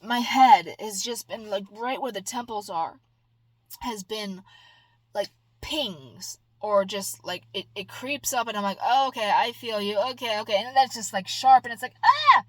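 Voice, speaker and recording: A middle-aged woman talking straight to camera in a casual, rambling vlog, jumping from loud outbursts to soft asides. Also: mid-range voice, unhurried, dry recording, low-quality recording. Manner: rambling, emphatic, swings between loud exclamations and soft asides. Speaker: vlogger.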